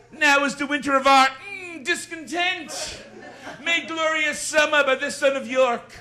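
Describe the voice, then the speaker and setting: A stand-up comedian playing a blustering loudmouth comic man hamming up Shakespeare, with bombastic bellowing. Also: very high voice, full character voice. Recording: noisy live audience laughter.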